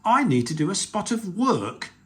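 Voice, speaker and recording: A man's voice: high voice, big pitch swings, moderate pace, pitched above the performer's own voice. A man voicing a jolly, playful father pig in a read-aloud storybook, hearty and showy. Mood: cheerful.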